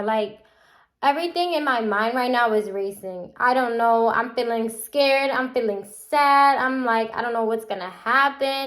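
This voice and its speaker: A young adult woman telling a casual storytime vlog, animated and chatty, acting out the people she quotes. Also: on the high side. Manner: animated, acts out quotes with a chatty run-on delivery. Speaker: vlogger.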